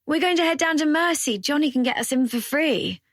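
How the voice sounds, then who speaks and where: A woman narrator voicing an excitable young woman friend in a loud, high, pushy voice. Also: fairly quick, no echo, clean studio sound. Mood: excited.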